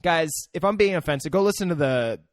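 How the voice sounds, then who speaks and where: A male podcast co-host in casual chat, swearing freely and jumping into loud impressions of movie characters. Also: fairly high pitch, lively intonation, fast, no room sound, studio quality.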